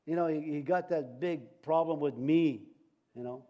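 A male preacher giving a sermon, halting and restarting often, with light jokes. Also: a little high, mellow, lo-fi sound.

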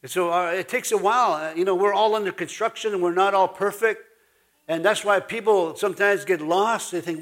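A man's voice: high-pitched, brisk, a bit bright. A man preaching a sermon in a folksy way, with an Ojibwe-influenced Canadian accent, joking with the congregation and calling for responses. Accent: Ojibwe-influenced Canadian English. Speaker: pastor.

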